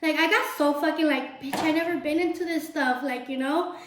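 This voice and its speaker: A young woman vlogger chatting casually while she cooks in her kitchen, telling a story in a chatty, animated way and swearing freely. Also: high voice, brisk, background noise. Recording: roomy echo.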